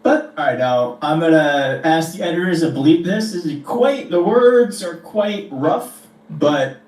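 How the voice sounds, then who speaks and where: A man's voice: fairly high pitch, expressive, unhurried, darkish tone. A man giving casual reaction commentary to a video, amused and earnest as he speaks to his viewers. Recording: roomy, distant mic with faint noise.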